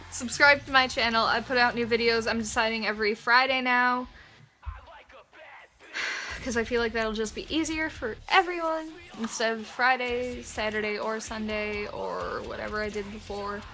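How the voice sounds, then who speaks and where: Young female vlogger, bright and slightly high, reads aloud casually with sarcastic, giggly asides. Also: fairly even intonation, a little slow, faint music behind. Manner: giggly, sarcastic asides between read passages. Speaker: YouTuber reading fan fiction. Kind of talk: casual reading aloud with commentary.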